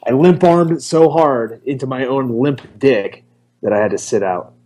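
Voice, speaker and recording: A man's voice: mid-range voice, unhurried, mellow. A man who coaches martial arts, co-hosting a casual podcast with crude, joking banter.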